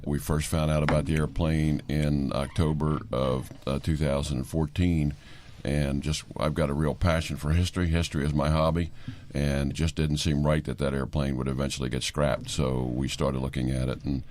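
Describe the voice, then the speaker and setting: An older man speaking earnestly as a guest on a radio interview. His voice is extremely deep, and it sounds dry and close, with no room echo. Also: fairly even intonation, moderate pace, few pauses, a little mellow. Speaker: aviation company CEO guest.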